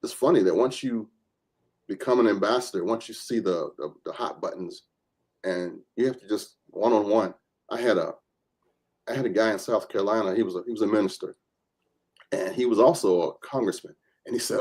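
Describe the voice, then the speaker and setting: Husky-voiced man telling animated stories. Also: lowish voice, a little fast. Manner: animated storyteller who acts out quoted voices. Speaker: guest, reverend and gun rights advocate. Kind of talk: storytelling in a podcast interview.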